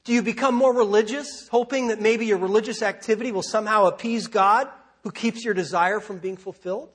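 A man's voice: sits high, brisk, a bit bright, husky. A man preaching a sermon in a conversational way, asking his listeners rhetorical questions. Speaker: pastor.

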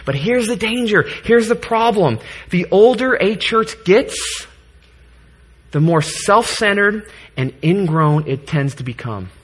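A man's voice: high-pitched, lively intonation, takes it slowly, slightly rough. A man in his thirties preaching a sermon to his congregation in a church, earnest, joking at times and getting choked up. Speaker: pastor.

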